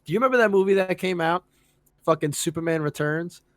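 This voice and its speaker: A man with a fairly high voice jumps into the podcast chat, eager to ask a question. His voice sounds dry and close, with no room around it. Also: fast talker, dry recording. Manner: eager, interrupting with a sudden question. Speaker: podcast co-host. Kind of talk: casual comic book chat.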